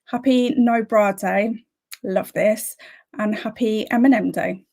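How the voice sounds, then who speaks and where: Slow-talking woman hosting a stream. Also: mid-range voice, fairly even intonation, creaky, mellow. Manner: chatty, greets viewers by name, self-deprecating. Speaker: livestream host. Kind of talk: casual livestream chat.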